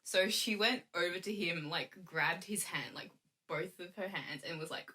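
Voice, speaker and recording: Young aussie woman, low-ish bright forceful voice, chatty storytelling, laughs a lot. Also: normal speed. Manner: chatty, laughs often, acts out quoted lines. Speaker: guest. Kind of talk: casual storytelling chat.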